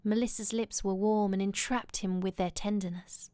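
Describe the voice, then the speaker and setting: A woman reading a romance novel aloud in a soft, intimate, often whispered way. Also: medium pitch, fairly even intonation, moderate pace, no room sound. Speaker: audiobook reader.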